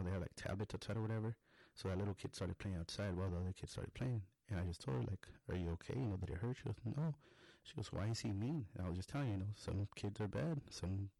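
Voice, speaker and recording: A man's voice: fairly low pitch, creaky, a little mellow, no room sound. A man, a father, telling a rambling story full of swearing and acted-out quotes as a comedy monologue. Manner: rambling, heavy swearing, acts out quoted lines.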